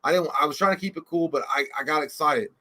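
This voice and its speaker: Bright-voiced, excitable rambling man. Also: a little high, fast talker. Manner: excitable rambling with crude slang. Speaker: podcast co-host. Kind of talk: casual livestream chat.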